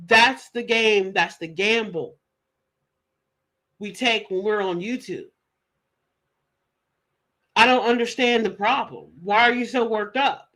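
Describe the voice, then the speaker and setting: Sassy slow-talking woman streamer. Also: medium pitch, a bit bright, rough recording. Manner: sassy, teasing, drawn-out. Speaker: livestream commentator. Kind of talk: casual commentary.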